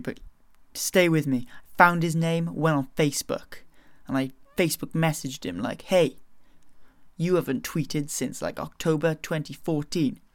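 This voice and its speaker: A man's voice: a little high, no echo. A man hosting his own podcast, chatting casually with self-mocking, rambling asides. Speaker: podcast host.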